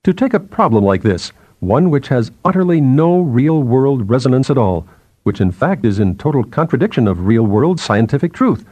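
A man's voice: very animated, normal speed, darkish tone, no room sound. A man voicing an anxious young male assistant professor who speaks in a strained, agitated way. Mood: distressed. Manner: agitated, strained, rising in pitch.

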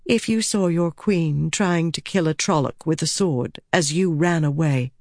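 A woman voicing a young queen who shouts commands to rally her soldiers in battle. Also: low-pitched, measured pace, dry recording, clean studio sound. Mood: soft reproach.

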